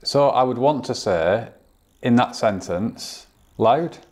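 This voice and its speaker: A man's voice: mid-range voice, lively intonation, slow. Male interviewer, easygoing and affirming, casual conversational read. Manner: agreeable, frequent affirmations.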